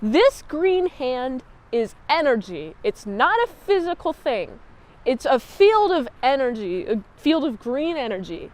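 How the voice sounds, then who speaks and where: A woman's voice: high voice, sing-song, a little slow, darkish tone. A young woman casually recapping and reviewing TV episodes, chatty and giggly, with lots of filler words and restarts.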